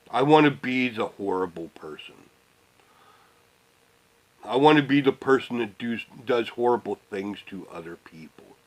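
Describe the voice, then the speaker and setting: A middle-aged man ranting casually to the camera, rambling and swearing, often trailing off into low mutters. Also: rough recording. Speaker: vlogger.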